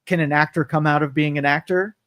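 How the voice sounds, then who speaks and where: A man co-hosts a local talk radio show with a voice a little higher than most men's. He speculates in a thoughtful, musing way. The sound is close and dry in the studio. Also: fairly even intonation, fast talker, a bit bright, no room sound. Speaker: co-host. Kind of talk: casual talk radio chat.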